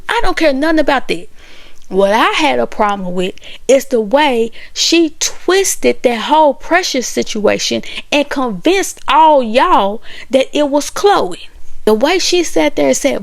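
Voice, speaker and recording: An exasperated woman runs through a reality show in casual commentary, acting out each quoted line. Her voice sits a touch high with a gravelly fry, and the sound is dry and close. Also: unhurried, no echo. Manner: animated, exasperated, acts out quoted dialogue.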